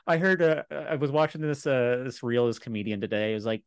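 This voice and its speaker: A man in his thirties from Texas, co-hosting a podcast in casual chat, rambling and animated with many restarts. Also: mid-range voice, fairly quick, hardly any pauses, clear, resonant tone, no room sound. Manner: rambling, animated, lots of filler words and restarts. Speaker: podcast co-host.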